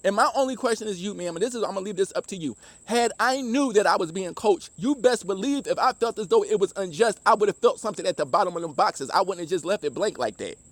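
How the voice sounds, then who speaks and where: A Southern man speaks in a high, earnest voice, giving personal testimony and often restarting his sentences. The sound is dry and close. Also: expressive, fast, hardly any pauses, no room sound. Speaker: former deli worker giving testimony.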